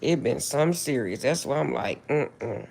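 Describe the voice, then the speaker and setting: Husky older woman chatting on a livestream. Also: very deep voice. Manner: chatty, animated storytelling, drawn-out asides. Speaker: livestream host. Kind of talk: casual livestream chat. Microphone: phone.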